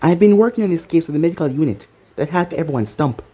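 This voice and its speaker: A storyteller voicing a busy, short-tempered young female ninja medic who talks in a brisk, scolding way, over faint background music. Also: mid-range voice, lively intonation, mellow, breathy edge.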